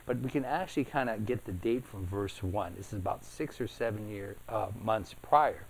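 A man's voice: lowish voice, normal speed, creaky, a little hiss or hum. A man preaching at an evening service, walking through scripture in a conversational way, often checking in with "right?" and reading verses aloud with more force. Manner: reads scripture louder and emphatic. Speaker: pastor. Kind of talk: Bible teaching.

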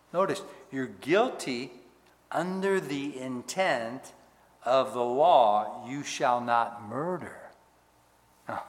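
Slow preaching man, hall reverb. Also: medium pitch, a little hiss or hum. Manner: preacherly, emphatic with dramatic drops to quiet. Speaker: pastor. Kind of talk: sermon.

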